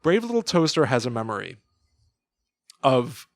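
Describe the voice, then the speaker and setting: Man, thirties, podcast co-host, casual chat, animated storytelling, dry close sound. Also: medium pitch, moderate pace, creaky, no room sound. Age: 30s. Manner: animated storytelling, acting out lines with laughs.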